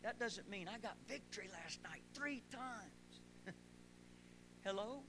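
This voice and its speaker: High-voiced preacher, noisy recording. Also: male voice, animated, slow pace. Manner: preaching that builds to shouting. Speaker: pastor. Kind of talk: sermon. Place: church sanctuary.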